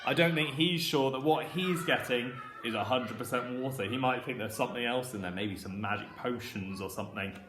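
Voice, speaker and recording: A man's voice: medium pitch, fairly quick, a bit bright, a little hiss or hum. A man teaching a phonics lesson to young children, with a southern English accent and a playful, sing-song way of talking. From southern England. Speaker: primary school teacher. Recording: echoey room with faint ambience.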